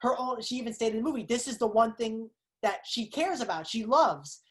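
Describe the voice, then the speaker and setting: Podcast guest, woman, bit high voice, animated and analytical. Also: brisk. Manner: animated, analytical, acts out reactions. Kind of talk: casual movie review chat.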